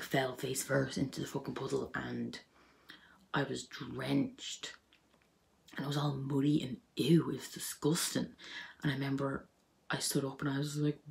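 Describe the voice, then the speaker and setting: Speaking with vocal fry in a very deep, darkish voice, a young vlogger shares funny stories from her childhood. It's casual storytelling to camera, peppered with fillers and laughs.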